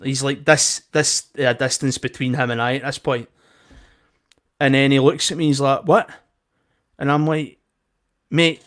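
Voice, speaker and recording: A young Scottish man with a slightly higher voice tells a story in casual podcast chat. He gets animated, swears freely and acts out every side of the row himself. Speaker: podcast co-host.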